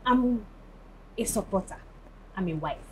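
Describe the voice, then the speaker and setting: A woman's voice: medium pitch, expressive, unhurried, a little hiss or hum, rough recording. A woman speaking as a guest in a casual chat, emphatic and checking in with her listener often. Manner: emphatic, repeats "right?" and "do you get?".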